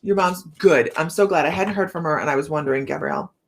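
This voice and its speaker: A woman's voice: deep voice, quick pace, slight background noise. A woman hosting a live tarot stream, chatting casually with viewers, greeting them by name and laughing often.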